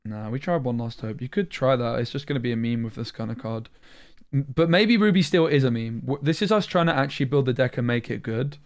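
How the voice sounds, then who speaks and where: Young man, British accent, streamer, thinking aloud, tired, chatty, medium pitch. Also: lively intonation, fairly quick. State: tired after a long stream. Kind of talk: live-stream commentary while playing a card game.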